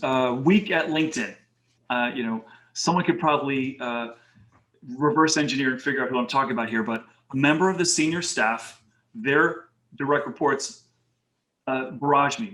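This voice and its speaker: Animated middle-aged man in a roomy space. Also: medium pitch, moderate pace. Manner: animated, acts out quoted dialogue, many "you know" fillers. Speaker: HR and talent advisor, interview guest. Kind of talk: casual interview storytelling. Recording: roomy echo.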